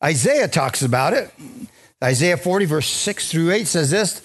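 A man preaching a lively, joking sermon in a church, drawing responses from the congregation. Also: a little high, normal speed. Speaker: pastor. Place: church sanctuary.

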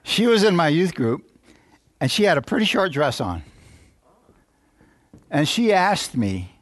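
A male pastor preaching a sermon, calling for amens, chuckling at times and reading scripture slowly. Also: on the high side, big pitch swings, no room sound.

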